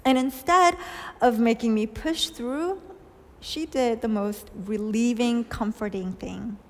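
Woman pastor, higher register, reflective storytelling sermon with long hall reverb. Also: takes it slowly. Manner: storytelling, questions, soft dips for quoted lines. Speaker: preacher.

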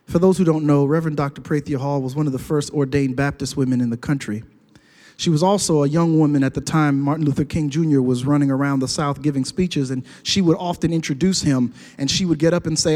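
A man's voice: a little high, fairly quick, a little mellow. A man preaching a storytelling sermon, earnest and building to emphatic peaks. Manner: earnest, rising to emphatic outbursts. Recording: long hall reverb.

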